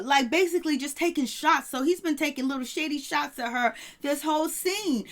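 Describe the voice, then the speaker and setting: A woman reviewing reality TV in casual chat, animated, laughing often and mimicking the people she talks about. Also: high voice, fairly quick, hardly any pauses.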